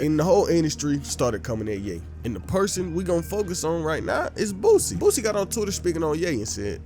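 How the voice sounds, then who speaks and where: A man's voice: medium pitch, a little mellow. Slangy male commentary narrator. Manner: laid-back slangy storytelling. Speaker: commentary channel host.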